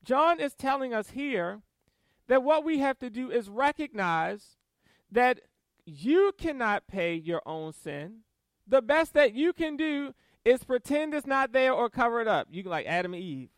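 During a church service, a man delivers a sermon in a high, lively voice that rises and falls as he reads verses and drives each point home, slipping in quick asides and soft laughs. The sound is clean, dry, and close, with no room echo.

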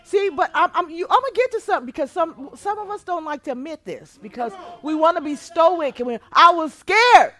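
A woman pastor telling a personal testimony in a sermon, moving between quiet, hushed storytelling and loud, emotional outbursts. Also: very high voice, expressive, brisk, hardly any pauses.

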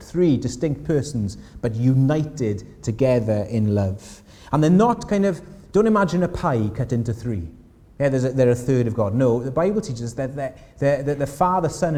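A man's voice: medium pitch, mellow, long reverb tail. A man preaching a sermon in church, earnestly asking his listeners questions. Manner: earnest, asks the congregation questions.

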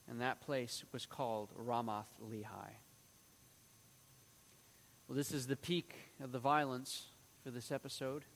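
A man's voice: medium pitch, big-room sound. A man teaching through a Bible passage, reading it aloud and acting out the quoted lines in a raised voice.

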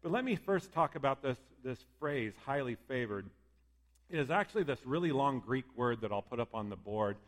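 Male preacher, mid-pitched, chatty sermon delivery, long hall reverb. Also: moderate pace. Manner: lively, conversational, acts out quoted voices.

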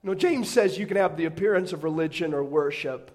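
Speaking fast in a slightly high voice with a darkish tone, a middle-aged pastor preaches through funny personal stories and jokes at his own expense. He frequently restarts his phrases in this storytelling sermon.

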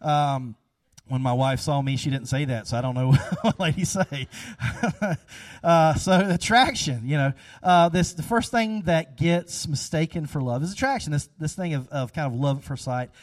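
A man's voice: on the high side, moderate pace, dry recording, far from the mic. A man leading a casual, chatty sermon after an audience guessing game, upbeat and repeating himself.

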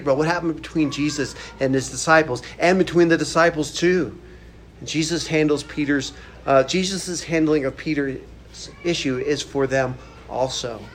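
A man's voice: fairly high pitch, a little hiss or hum. A man preaching a sermon as a pastor, casual and conversational with slangy asides.

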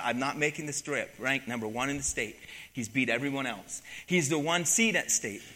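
A man preaching a sermon, telling a story from his coaching days with animated emphasis and acted-out quotes. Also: on the high side. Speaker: pastor and former wrestling coach. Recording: long hall reverb.

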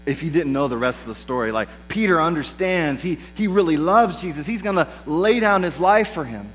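A man's voice: a little high, animated, normal speed, a little hiss or hum, rough recording. A man preaching a sermon in a conversational way, acting out the lines of the people he quotes. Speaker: pastor.

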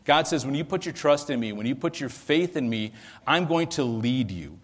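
A man's voice: medium pitch, lively intonation, moderate pace. A pastor preaching a conversational sermon, asking his listeners questions. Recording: long hall reverb.

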